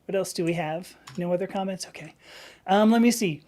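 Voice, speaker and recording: A woman's voice: lowish voice, fairly quick, mellow. A woman in her fifties hosting a casual live stream. She rambles as she reads the chat, restarts her sentences often and laughs easily. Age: 50s. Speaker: livestream host.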